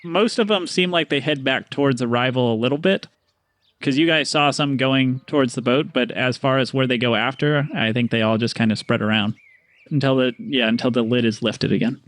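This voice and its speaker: A man narrating as game master of a tabletop game, talking quickly with halting restarts. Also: medium pitch, fairly bright tone, dry recording.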